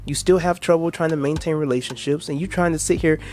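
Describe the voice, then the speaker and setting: A man's voice: on the high side, fairly even intonation, fast. A man hosting a reaction video, lecturing in a preachy way, quoting scripture with crude asides.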